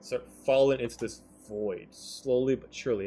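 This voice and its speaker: A man's voice: mid-range voice, normal speed, mellow, slightly rough. A man running a tabletop game as dungeon master, narrating a scene in a loose, casual way with some swearing.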